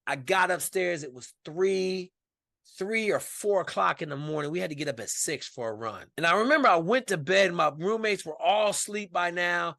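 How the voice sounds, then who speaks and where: A man from Washington state, a podcast guest telling a story in casual, animated, profane speech. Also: high-pitched, normal speed, vocal fry, no room sound, clean studio sound.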